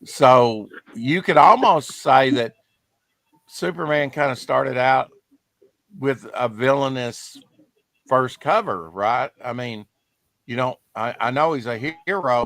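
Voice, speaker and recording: A man hosts a casual podcast about comic art, chatting in a rambling way. His voice is bright and forceful, and the sound is dry and close. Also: medium pitch, takes it slowly, no echo. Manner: chatty, rambling, reads promos aloud. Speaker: podcast host.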